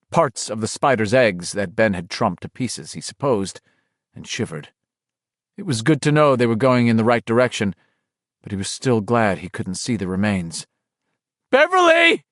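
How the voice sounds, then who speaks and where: A man's voice: lowish voice, animated, moderate pace, no room sound, studio quality. A man narrating a horror novel as an audiobook, in a dramatic, varied reading.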